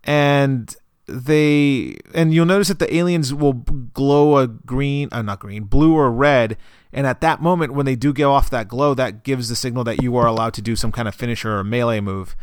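Rambling podcast co-host, smooth dry voice. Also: male voice, mid-range voice, dry recording. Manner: rambling, halting storyteller with many fillers and restarts. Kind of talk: casual chat.

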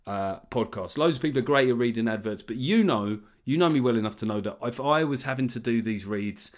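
A man's voice: mid-range voice, lively intonation, fairly quick. A man hosting a podcast, talking in a rambling, sweary way with jokey asides. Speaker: podcast host. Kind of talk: casual solo monologue.

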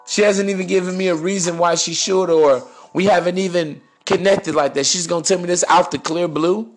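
A man's voice: high-pitched, fairly even intonation, a little fast, soft background music. A man hosting a podcast, giving crude, swaggering dating advice in a preachy monologue. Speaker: podcast host.

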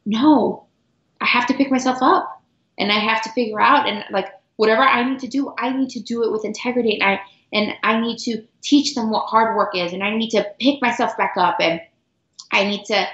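A woman's voice: a little high, fairly even intonation, fairly bright tone. Earnest woman retelling a hard time, roomy. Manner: earnest, repeats herself, halting restarts. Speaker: guest. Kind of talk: emotional personal storytelling. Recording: roomy, dull lo-fi sound.

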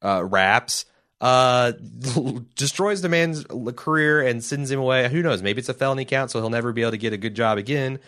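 A man co-hosting a casual podcast, talking excitedly and swearing, often mimicking characters in sudden high voices. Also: normal speed. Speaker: podcast co-host. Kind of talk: casual show discussion.

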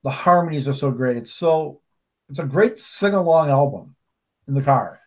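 A man's voice: mid-range voice, lively intonation, normal speed. A man co-hosting a podcast, talking casually and telling stories with plenty of asides and restarts. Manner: chatty storyteller, many restarts and asides. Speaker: podcast co-host. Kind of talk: casual chat.

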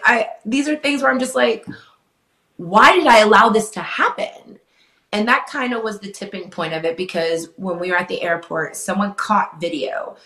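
A young woman candidly recounting a painful relationship as an interview guest, swearing freely and rising in pitch as she gets upset. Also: a bit bright. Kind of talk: emotional personal storytelling. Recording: roomy echo.

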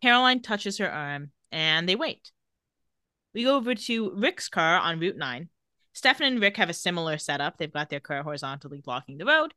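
A woman's voice: fairly low pitch, very animated, normal speed, pushed and bright, no room sound, studio quality. A woman co-hosting a podcast, retelling a TV episode scene by scene in casual chat, laughing often. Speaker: podcast co-host recapping a TV episode.

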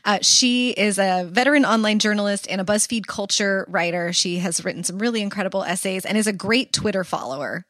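A woman co-hosting a podcast, pitching upcoming books with upbeat energy and dry wit. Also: fairly bright tone, no room sound. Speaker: podcast co-host. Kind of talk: casual book chat.

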